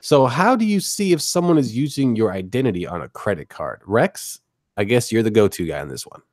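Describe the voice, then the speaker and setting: A man's voice: lowish voice, big pitch swings, a little fast, dry recording, studio quality. A man hosting a casual podcast, reading chat messages with jokey mock-announcer asides.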